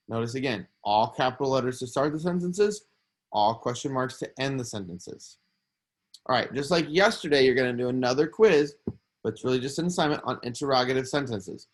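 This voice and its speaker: A man's voice: mid-range voice, expressive, a little fast. A male teacher giving a recorded grammar lesson for young students, patiently repeating each rule as he walks through examples step by step.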